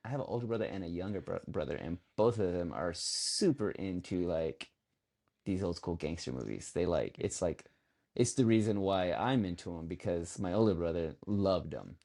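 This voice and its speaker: A man with a lowish, mellow voice co-hosts a podcast in loose casual chat. He rambles, restarts his sentences and lets thoughts trail off as he works out what he means. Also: expressive, moderate pace, gravelly. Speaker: podcast co-host.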